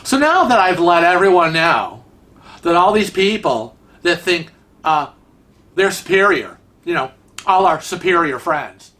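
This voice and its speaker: A man's voice: high-pitched, lively intonation, unhurried, pushed and bright. A man from Rochester, New York, with a Rochester accent, hosting a vlog in a chatty, digressive, teasing way. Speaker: vlog host. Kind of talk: casual vlog commentary.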